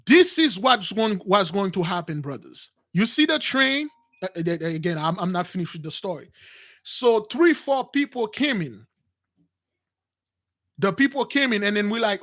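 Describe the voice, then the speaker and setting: A man's voice: sits high, moderate pace. A man telling a dramatic personal story to his listeners, acting out the quotes, with repeats and restarts. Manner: animated retelling with acted quotes, addresses "brothers"; non-standard grammar, repeats and restarts. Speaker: spiritual channel host.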